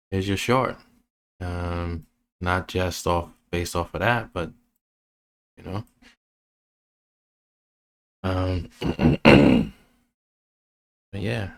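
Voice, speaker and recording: A man's voice: sits low, steady tone, takes it slowly, pauses often, fairly bright tone. A man casually walking through trading charts, rambling and restarting his sentences. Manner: rambling, restarts often, many fillers. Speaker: trading educator.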